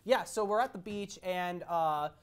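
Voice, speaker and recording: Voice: mid-range voice, unhurried, smooth. Young adult rambling through a casual story. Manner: meandering, hesitant, stop-start telling.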